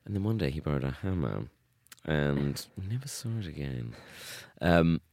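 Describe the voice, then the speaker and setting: A man with a very low voice co-hosts a relaxed chat show, full of dry teasing asides and riffs. His pitch swings widely for a deep voice, and the recording is close and dry. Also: normal speed, no room sound. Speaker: podcast co-host. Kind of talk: casual comedic chat.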